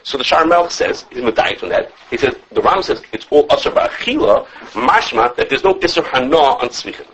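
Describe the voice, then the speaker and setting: A man who teaches a class on religious law. He lectures with lively animation, thinks aloud, restarts his sentences, and quotes his sources as he takes questions from students. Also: on the high side, a little fast, gravelly, hardly any pauses, breathy edge, highs cut off. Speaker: rabbi teaching a halacha class.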